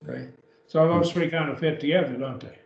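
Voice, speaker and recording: A man whose voice is on the high side briskly teaches beginners' Greek in a church classroom, explaining patiently step by step and frequently asking "okay?" The distant mic picks up an echoey room with dull, lo-fi sound.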